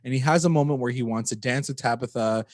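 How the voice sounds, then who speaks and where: A man's voice: medium pitch, fast talker, dry recording, clean studio sound. A man casually recapping a TV episode with his co-host, swearing freely and acting out the characters' lines. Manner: animated, swears freely, acts out quotes. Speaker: podcast co-host.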